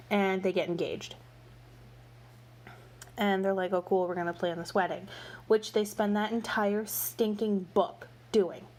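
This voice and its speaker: Here a female book reviewer, mid-range and darkish in tone, gives a casual, rambling recap of a book series, heavy on fillers such as "like" and "you know." Her storytelling is gossipy and exasperated, with slight background noise behind her.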